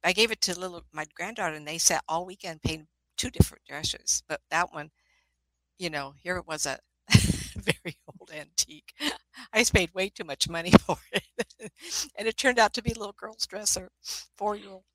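A woman's voice: on the low side, normal speed, fairly bright tone, no echo, poor audio. An older woman, a spiritualist minister and ghost investigator, telling rambling anecdotes in a casual chat, often laughing and restarting her sentences.

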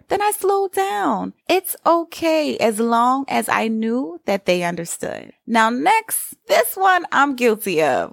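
A woman's voice: on the high side, no room sound, clean studio sound. A middle-aged woman, hosting a solo podcast and talking in an encouraging, conversational way. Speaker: podcast host. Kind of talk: solo motivational podcast talk.

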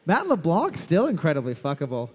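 Loud joking trivia host, echoey hall. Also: male voice, a little high, wildly swooping pitch, brisk, husky. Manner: loud, jokey, profane, reads questions twice. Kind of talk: live trivia hosting with crude banter. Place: large brewery room with live crowd. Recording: long echo in a big room.

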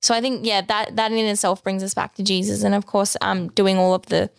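A woman's voice: medium pitch, level tone, brisk, vocal fry, clear, resonant tone, no room sound, clean studio sound. A young woman co-hosting a casual faith podcast, chatty and reflective, with lots of fillers and restarts. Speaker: podcast co-host.

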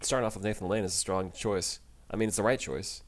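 A man with a fairly low voice co-hosts a casual podcast. He chats loosely, laughs easily and often restarts his sentences mid-thought. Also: fast talker. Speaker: podcast co-host. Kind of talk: casual chat.

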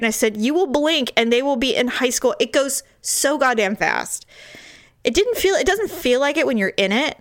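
Candid, swearing woman with a smooth voice. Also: on the high side, a bit bright, dry recording, clean studio sound. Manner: candid, swears freely, laughs often. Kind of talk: casual chat.

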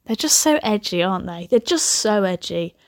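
On her podcast, a young woman reads a comic story she wrote long ago and keeps adding chatty, giggly running commentary full of swearing. Her mid-range voice has lively intonation and a moderate pace. The sound is clean studio quality with no room sound.

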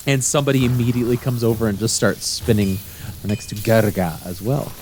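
A man narrating as game master, animated and laughing often. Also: on the low side, brisk, a little hiss or hum.

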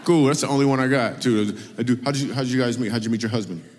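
A man's voice: mid-range voice, very fast, in a large hall, a little hiss or hum. A man doing stand-up crowd work, teasing and laughing with an audience member. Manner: teasing, laughing, playful banter. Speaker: comedian working the crowd.

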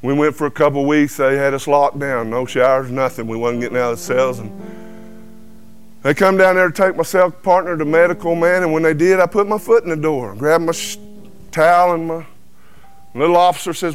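A man with a drawl tells his life testimony in a folksy, animated way, slipping into the voices of the people he quotes. His voice sits a little high for a man. Soft music plays faintly behind him. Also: fairly quick, clean tone. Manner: animated storyteller who acts out quoted dialogue. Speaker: guest giving testimony. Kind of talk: folksy personal testimony storytelling. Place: truck cab.

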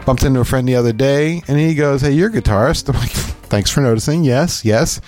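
Middle-aged Pennsylvania man, podcast co-host, animated storyteller voicing his own quotes, faint music underneath. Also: medium pitch, a little fast. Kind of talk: casual chat.

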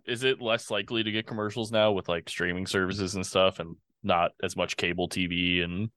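A man's voice: sits low, steady tone, fairly quick, a bit bright, no echo. A man co-hosting a podcast, joking and teasing casually. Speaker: podcast co-host.

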